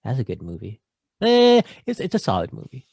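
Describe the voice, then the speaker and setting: A man co-hosting a casual movie podcast, joking and rattling off shout-outs. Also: lowish voice, sing-song, fast, vocal fry, slightly rough, no echo. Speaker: podcast co-host. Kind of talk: casual chat.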